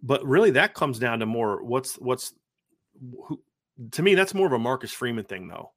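Man in casual football talk, emphatic, mid-pitched, dry close-mic sound, keeps restarting sentences mid-thought. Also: big pitch swings, normal speed, fairly bright tone, no echo. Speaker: football podcast co-host. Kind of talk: casual sports analysis chat.

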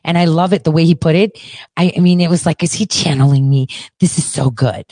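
A woman's voice: deep voice, fairly quick, dark tone, slightly rough, no echo. A woman hosting a talk show, ranting bluntly and sarcastically, with plenty of swearing. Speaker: podcast host. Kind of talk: ranting monologue.

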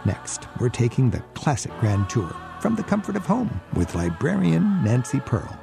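A male radio travel host with a gravelly edge to his voice talks with a lot of movement in his pitch. He moves easily between chatting with a guest and introducing what comes next. Faint music sits underneath. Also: normal speed. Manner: lively, conversational presenter. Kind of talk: radio interview and show narration.

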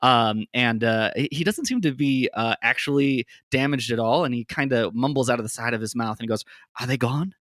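A man's voice: mid-range voice, fairly quick, few pauses, fairly bright tone, dry recording, clean studio sound. A man narrating as game master in a tabletop game, loose and playful. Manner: loose and playful, with many ums and laughs.

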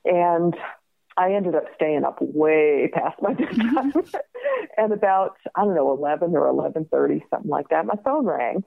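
A woman in her fifties, a guest telling her story in a lively way, laughing often and acting out the other voices. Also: sits low, normal speed, creaky. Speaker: guest, crime survivor. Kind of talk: personal storytelling in an interview. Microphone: phone call. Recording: tinny phone line.

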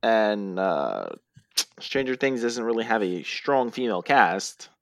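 A man's voice: lowish voice, very animated, slow pace, no echo. A man co-hosting a casual wrestling recap podcast, playful and rambling, sounding tired and yawning. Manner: playful, jokey, rambling with fillers. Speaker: podcast co-host.

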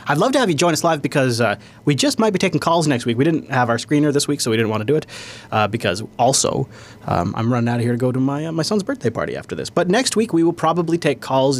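A man hosting a tech podcast in casual chat, rambling and animated, laughing often. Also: mid-range voice. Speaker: podcast host.

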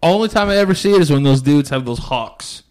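A man co-hosts a podcast in relaxed, casual chat, his somewhat high voice swinging widely as he tells stories. He is playful and breaks into laughter often. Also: a little fast, smooth. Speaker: podcast co-host.

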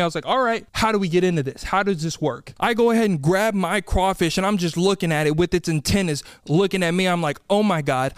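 A man hosting a podcast, telling comedic stories in an animated, exasperated way and acting out the people in them. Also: high voice, smooth, no echo, studio quality. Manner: animated, exasperated storytelling with quoted voices. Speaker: podcast host. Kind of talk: comedic storytelling monologue.

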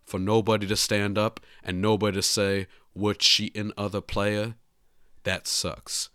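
A man putting on a drawling Southern detective voice, a grown gentleman sleuth who is sly and indignant. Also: lowish voice, flat delivery, unhurried. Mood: measured.

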